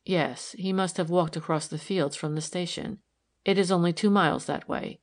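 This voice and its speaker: A woman reading the part of an anxious, guarded wife who speaks in a hushed, hesitant way, in an audiobook. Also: fairly low pitch, normal speed, close to an everyday voice.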